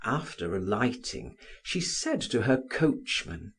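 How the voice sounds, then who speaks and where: Slow, breathy audiobook narrator, man. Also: medium pitch. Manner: slow, very expressive reading, voicing the dialogue. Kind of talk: scripted narration of a classic novel.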